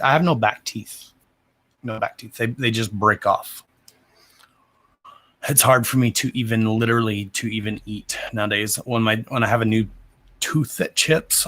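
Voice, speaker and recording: A man's voice: mid-range voice, fairly bright tone. A man, mumbling as he chats casually and profanely on a livestream as a card reader. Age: 30s. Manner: profane, rambling and self-deprecating.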